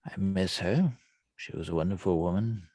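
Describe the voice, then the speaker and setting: A man voicing an old father, soft and wistful, saying his goodbyes in a tabletop game. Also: low voice, normal speed, dry recording, clean studio sound. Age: older.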